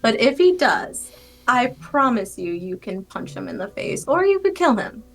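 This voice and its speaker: A woman playing a tabletop game, talking playfully and with emphasis. Her voice sits high. Faint music plays behind her. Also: very animated, normal speed, vocal fry. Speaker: player. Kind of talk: in-character tabletop role-play.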